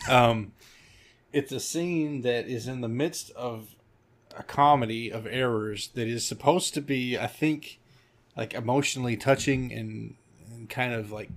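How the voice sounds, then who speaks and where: Laughing, animated male podcast co-host. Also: medium pitch, a little slow, pauses often. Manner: animated storyteller, laughs often, acts out quotes. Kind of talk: casual movie-review chat.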